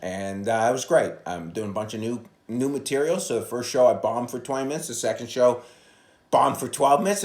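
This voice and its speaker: A man with an expressive, mid-range voice talks a little fast in an echoey room. He's a stand-up comic doing a solo podcast monologue that's rambling and profane, full of sudden loud impressions, recorded on a phone propped against a coffee cup.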